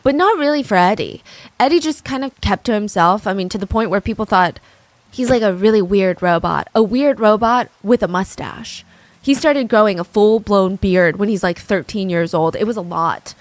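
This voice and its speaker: A woman's voice: mid-range voice, normal speed, dry recording. Casual young woman telling a true crime story. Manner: casual, with many "like" and "I mean" asides.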